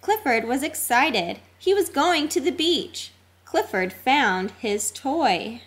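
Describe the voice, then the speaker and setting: A woman reading a children's storybook aloud, expressive and sing-song. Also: sits high, slow pace. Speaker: narrator.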